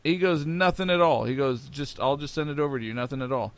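A man's voice: mid-range voice, fast, no echo. A man co-hosting a podcast, chatting casually and with enthusiasm, rambling with lots of fillers. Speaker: podcast co-host.

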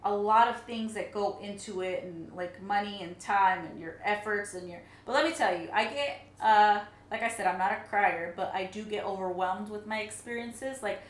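A woman co-hosting a podcast in casual chat, animated and swearing freely as she tells travel stories. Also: medium pitch, moderate pace, hardly any pauses, echoey room. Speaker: podcast co-host.

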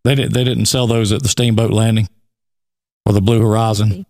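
A Southern man in his forties chatting casually as a co-host, telling animated stories full of fillers. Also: on the low side, fairly quick. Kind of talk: casual chat.

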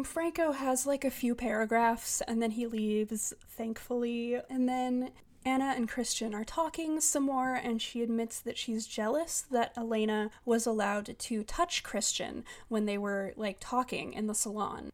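A woman's voice: on the high side, unhurried. A young woman from the US recapping a book in casual chat, sarcastic and swearing freely as she rants. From United States. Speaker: podcast host reviewing a book.

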